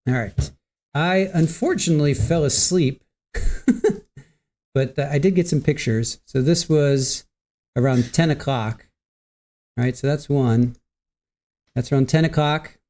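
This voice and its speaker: A man's voice: on the high side, slow, long pauses, darkish tone. A middle-aged man hosting a livestream, chatting casually and greeting viewers by name with easy laughs. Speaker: livestream host.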